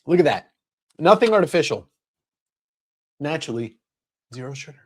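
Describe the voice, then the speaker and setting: A man's voice: fairly high pitch, very animated, normal speed, husky. A man hosting a casual live-stream sale. He is upbeat and jokey, and greets his viewers one by one by name. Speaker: live-stream seller and host.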